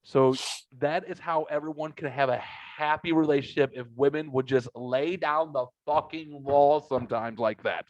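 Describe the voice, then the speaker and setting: A man's voice: a little high, normal speed, darkish tone, no room sound, lo-fi sound. Profane rambling podcast guy. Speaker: podcast host. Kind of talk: casual chat.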